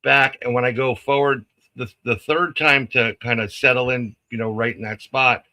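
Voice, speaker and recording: A man's voice: medium pitch, normal speed, rough recording. A man casually telling a story on a live stream, acting out the lines of people in it and laughing often. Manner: animated, acts out quotes, laughs often.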